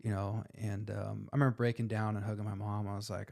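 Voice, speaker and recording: Gravelly low-voiced man in his forties. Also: little pitch movement, quick pace, few pauses, a little mellow. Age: 40s. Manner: heartfelt, emotional, casual with "dude" and "man". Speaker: firefighter guest. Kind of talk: candid personal interview.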